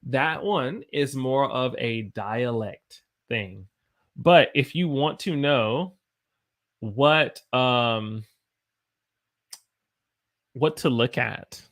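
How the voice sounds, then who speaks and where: A man's voice: mid-range voice, a bit bright. A man with a Southern US accent teaching English pronunciation, repeating example words again and again and answering viewer comments. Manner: slow, repeats demonstration words over and over. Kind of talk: pronunciation lesson with viewer chat.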